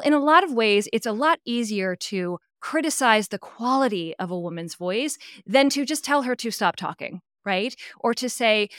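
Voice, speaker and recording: A woman voice coach from California speaks in a podcast interview, expressive and emphatic. She checks in with her listener through frequent asides, and her middle-pitched voice sounds close and dry. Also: dry recording.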